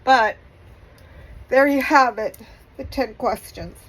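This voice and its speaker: A middle-aged woman vlogging, halting and apologetic, crying as she speaks. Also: high-pitched, fairly bright tone, a little hiss or hum, poor audio. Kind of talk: emotional personal vlog.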